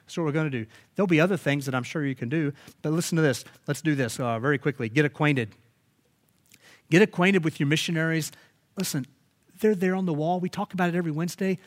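A man preaching a sermon as pastor, animated and emphatic, often restarting his phrases. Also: high voice.

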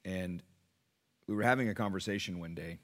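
Middle-aged pastor, lower-pitched man, preaches with big swings from hushed to loud; emphatic sermon delivery. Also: fairly quick. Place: church.

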